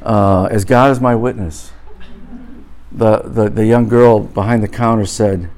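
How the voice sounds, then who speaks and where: A man's voice: lowish voice, steady tone, a little slow, a little mellow, a little hiss or hum. A middle-aged man, a pastor, preaching a sermon before a live audience, telling a humorous story with comic exaggeration and then moving into a blessing.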